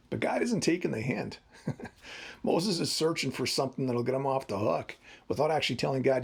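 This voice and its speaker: A man in his fifties with a gravelly, husky voice, preaching in an easy, conversational way. He keeps a wry, humorous edge as he works through the story. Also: medium pitch, expressive, fairly quick. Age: 50s. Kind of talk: devotional talk.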